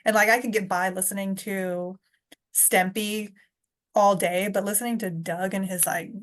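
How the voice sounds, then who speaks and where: A woman's voice: mid-range voice, fairly even intonation, moderate pace. Chatty, laughing woman podcast co-host. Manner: chatty, rambling, laughs often. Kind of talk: casual chat.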